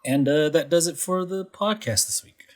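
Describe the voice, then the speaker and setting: A man co-hosting a podcast in casual chat, relaxed, retelling scenes with playful impressions. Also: a little high, moderate pace. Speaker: podcast co-host.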